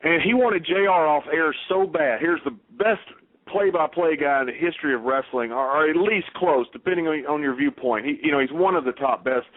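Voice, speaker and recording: A man's voice: a little high, fairly quick. A man with a Southern US accent, a guest telling stories bluntly in a casual interview. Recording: tinny phone line.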